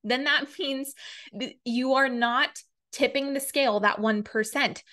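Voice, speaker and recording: A woman's voice: sits high, measured pace, sharp tone. A woman hosting a podcast as a reverend, giving a blunt, emphatic motivational talk, swearing freely and repeating words for stress.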